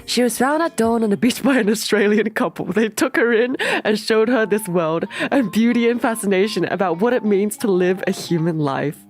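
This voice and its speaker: A woman's voice: mid-range voice, moderate pace, few pauses. A young woman streamer animatedly retelling a music video's story in casual chat, stringing along with repeated "and then"s.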